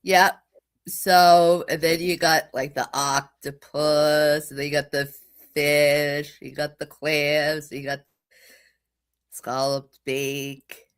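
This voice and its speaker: Lively New England woman co-host. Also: low-pitched, slow, clean tone. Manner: lively, blunt, excitable. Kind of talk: casual talk show chat.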